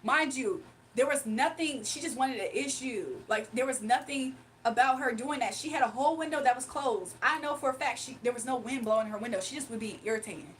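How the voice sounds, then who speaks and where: Young woman streamer, high-pitched, chatty animated storyteller, casual asides to the chat. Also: fairly quick, far from the mic, slight background noise, rough recording. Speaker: livestreamer.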